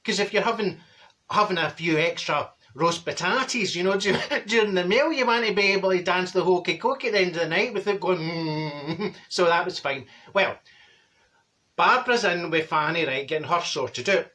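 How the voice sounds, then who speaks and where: A man's voice: sits high, normal speed, bright, forceful tone. A man playing a straight-talking, gossipy middle-aged Glasgow woman with a Glaswegian accent, telling a comic monologue. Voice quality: chatty, blunt, gossipy storytelling. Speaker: comedy character monologue.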